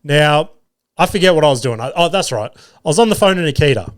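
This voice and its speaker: A man's voice: fairly high pitch, expressive, a little fast, no echo, clean studio sound. An Australian man in his thirties hosting a podcast, telling a rambling story in a casual monologue, swearing freely and poking fun at himself. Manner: rambling, swears freely, self-deprecating humour. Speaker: podcast host.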